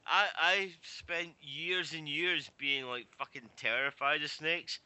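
A man's voice: on the high side, steady tone, slow, pushed and bright, no echo. A man in casual chat, telling stories and ranting with a lot of swearing. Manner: profane, ranting storyteller.

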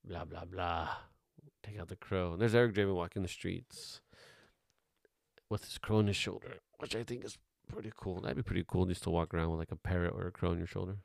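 A man's voice: low voice, a little fast, vocal fry, darkish tone, no room sound, studio quality. A man giving a casual, rambling film commentary as host, offhand and swearing now and then.

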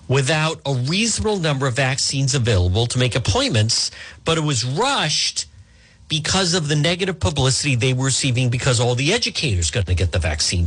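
A man hosting a talk radio show, delivering a combative, animated monologue full of asides and restarts, with a husky voice. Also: mid-range voice.

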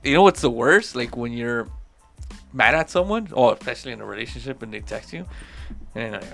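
A man's voice: medium pitch, lively intonation, brisk, creaky, fairly bright tone, soft background music. A man in his twenties, podcast co-host, talking in a loose, profane, rambling way with lots of fillers. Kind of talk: casual chat.

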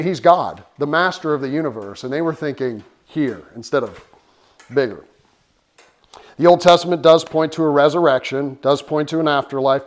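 Middle-aged male pastor, mid-pitched voice, chatty earnest sermon delivery. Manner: conversational storytelling, animated and earnest.

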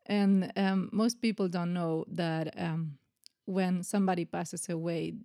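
A woman's voice: lowish voice, steady tone, a little slow, mellow. A woman telling a personal story in conversation, earnest and emotional, with many fillers and restarts.

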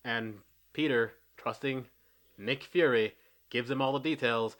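A laid-back man chatting on a podcast as co-host, recapping a movie with plenty of swearing and easy laughter. His voice sits at an ordinary middle pitch for a man, and his talk is loose and unscripted. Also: a little slow, fairly bright tone. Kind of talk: casual chat recapping a film.

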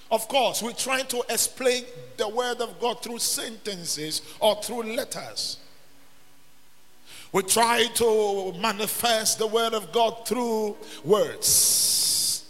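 A man preaching a sermon as pastor, building into shouts and sung phrases. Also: high-pitched. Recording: long reverb with faint music.

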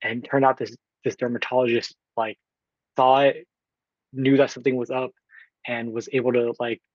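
A man's voice: medium pitch, level tone, normal speed, dry recording, muffled recording. A man in his twenties from Oakland, California, telling his own story as a podcast guest in an earnest way, acting out what people said to him and using plenty of fillers. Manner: earnest, retells with quoted dialogue, frequent fillers. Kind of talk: storytelling in conversation.

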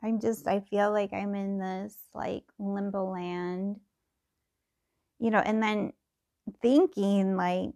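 A woman's voice: medium pitch, steady tone, slow pace, vocal fry, dark tone. A middle-aged woman thinking aloud in a casual personal podcast, meandering and full of fillers and restarts.

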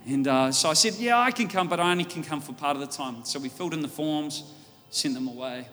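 Australian pastor preaching, bright forceful voice, big church hall echo, some faint music behind. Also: male voice, a little high, brisk. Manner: storytelling, building to loud fervent preaching. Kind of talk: sermon. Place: church auditorium.

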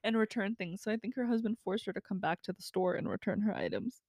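Young woman telling a lively, profane story. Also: medium pitch, quick pace, dry recording, clean studio sound. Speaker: podcast co-host telling a story. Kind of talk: casual chat.

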